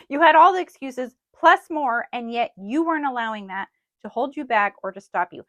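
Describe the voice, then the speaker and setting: Woman co-host with a higher voice. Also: expressive, moderate pace, dry recording, dull audio. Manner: supportive, chimes in to finish her partner's thoughts. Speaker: podcast co-host. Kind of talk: casual podcast talk.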